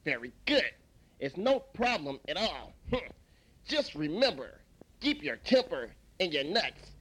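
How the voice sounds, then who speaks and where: A serene old shopkeeper, as a man puts him on, speaking slowly and gently with long, measured pauses. The voice sits lower than the performer's usual tone and stays unhurried throughout a comedy sketch. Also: very animated, exaggerated voice, rough recording. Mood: calm, placating. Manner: slow, soothing, measured with pauses. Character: calm, wise elderly male shopkeeper.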